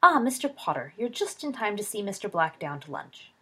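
Brief: no-nonsense matron giving orders in a storybook reading, a woman voicing her, husky. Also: mid-range voice, sing-song, fairly bright tone. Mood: brisk. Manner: brisk, instructive. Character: brisk stern school matron, middle-aged woman.

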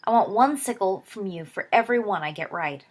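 A woman voicing a lively, teasing teenage schoolboy who runs the bets in a storybook reading, brisk and declaring, with a breathy voice. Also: medium pitch.

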